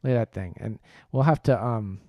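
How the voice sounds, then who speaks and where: A man's voice: on the low side, fairly quick, mellow, no echo, clean studio sound. A man co-hosting a casual live-stream podcast, rambling and correcting himself as he plugs the show's channels. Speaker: podcast co-host.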